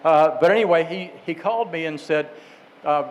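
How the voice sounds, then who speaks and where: Man, slightly high voice, casual rambling storyteller with self-corrections. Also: animated, fairly quick, muffled recording. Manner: rambling, with restarts and asides. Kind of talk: casual anecdote telling.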